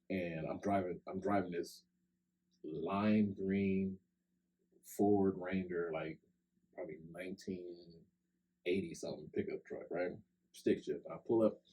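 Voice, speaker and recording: Very deep-voiced man telling a story. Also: steady tone, unhurried, pauses often, warm tone, low-quality recording. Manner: loose, conversational, many "like" and "right?" fillers. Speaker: podcast co-host. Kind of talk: casual storytelling chat. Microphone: podcast microphone.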